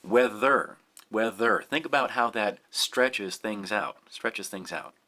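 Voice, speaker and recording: A man teaching a lesson, speaking clearly and deliberately and stressing key words as he explains. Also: on the low side, bright, forceful tone. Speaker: Shakespeare teacher.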